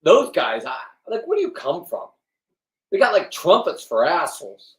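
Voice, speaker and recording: A man in his fifties, a fishing and diving vlogger, rambling in a crude, loud, joking monologue. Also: fairly high pitch, wildly swooping pitch, moderate pace. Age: 50s. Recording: roomy, from a distance.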